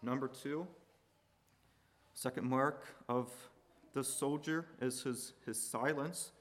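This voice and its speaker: A man preaching a sermon, building to loud emphatic peaks and dropping low and quiet between points. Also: fairly even intonation, slow. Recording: hall reverb.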